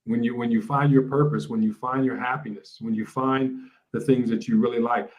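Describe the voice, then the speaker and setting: A man speaking as a life coach guest in an interview, reflective and halting, with many fillers and restarts. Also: mid-range voice, steady tone, poor audio. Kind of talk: casual interview talk. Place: lives in a large city.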